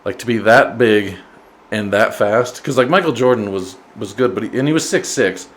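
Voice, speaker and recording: A man co-hosting a podcast, talking in a relaxed, agreeable way with frequent asides. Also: fairly low pitch, normal speed. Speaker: podcast co-host. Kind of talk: casual chat.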